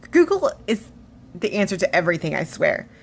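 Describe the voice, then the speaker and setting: A woman's voice: on the low side, a little fast, creaky, a little hiss or hum. Chatty woman vlogging, a bit shaky. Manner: animated storytelling, acts out quotes. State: shaky, emotional. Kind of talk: casual chatty vlog update.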